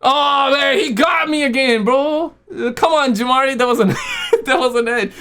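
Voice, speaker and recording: A male streamer reacting live to a video, with loud exclamations, chatting casually and greeting viewers in chat by name. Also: very high voice, measured pace.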